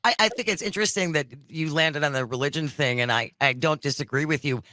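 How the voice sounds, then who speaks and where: A man hosting a talk show, introducing the guest and asking questions in a measured way. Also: a little high, sharp tone, no echo. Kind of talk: hosting an interview.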